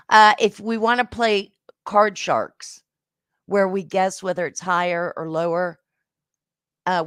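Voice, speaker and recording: A woman hosting a livestream game show, chatting casually with viewers and giving rambling, affectionate shout-outs with lots of fillers. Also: fairly low pitch, no room sound, clean studio sound.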